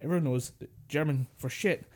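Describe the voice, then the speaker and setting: A man's voice: on the high side, a little fast. A man co-hosting a podcast, chatting casually about films and laughing at his own jokes. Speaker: podcast co-host. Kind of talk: casual chat.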